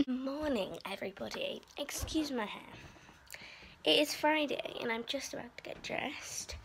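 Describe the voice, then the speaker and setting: A woman's voice: high-pitched, lively intonation, a little slow, vocal fry, a bit bright, slight background noise. A schoolgirl in her early teens, chatting playfully to her phone camera at home. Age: young teen. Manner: chatty, playful, talks to her pets in a silly voice. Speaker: vlogger. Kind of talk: casual vlog chat. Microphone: phone camera held close.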